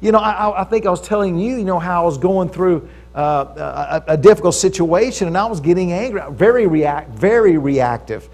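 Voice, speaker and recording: High-voiced male preacher. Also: expressive, fairly quick, hardly any pauses, darkish tone. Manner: conversational preaching, stresses key phrases, often asks the audience for agreement. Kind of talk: sermon. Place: church service with audience.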